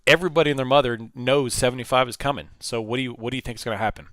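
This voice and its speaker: A man's voice: mid-range voice, fairly even intonation, rapid-fire, a bit bright, no room sound. A man hosting a live trading stream, talking casually and thinking aloud, often repeating and restarting his phrases. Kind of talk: casual live market commentary.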